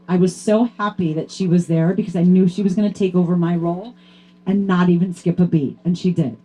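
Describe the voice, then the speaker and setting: Speaking at a moderate pace in a lowish voice, a woman delivers a heartfelt hall of fame tribute to her teammate. She holds back tears as she talks, and her speech grows loud and excited by the end.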